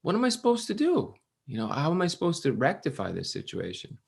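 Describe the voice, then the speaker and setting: A man's voice: mid-range voice, very animated, fast, gravelly, slightly rough, exaggerated voice. A man voicing a flustered young devotee who stammers through apologies.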